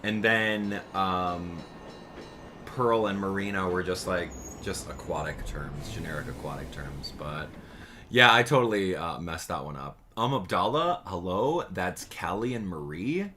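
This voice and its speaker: A man hosting a live stream, chatting casually and excitably with his viewers and laughing often. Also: deep voice, a little slow, a little hiss or hum. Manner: excitable, animated, laughs often, addresses chat directly. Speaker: livestream host.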